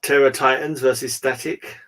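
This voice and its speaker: A man's voice: medium pitch, fairly even intonation, moderate pace, a bit bright. A man hosting a casual online hangout, chatting and rambling as he flips through items. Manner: rambling, chatty, trails off and restarts. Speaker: podcast host. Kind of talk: casual chat. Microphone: video call hangout.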